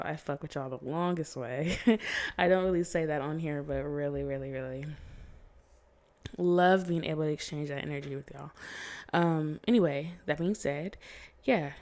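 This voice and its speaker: A woman's voice: sits low, darkish tone. A woman giving a casual tarot reading, chatty and blunt, swearing freely and laughing often. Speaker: tarot reader. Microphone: phone.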